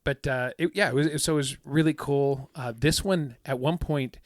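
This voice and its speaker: A man chatting casually on a podcast, telling a long anecdote with lots of "um" and "like" and acting out what others said. His voice sits at an ordinary middle pitch. The sound is close and dry, with no room around it. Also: moderate pace, dry recording. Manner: rambling storyteller, many fillers, acts out quotes. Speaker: podcast co-host. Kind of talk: casual chat.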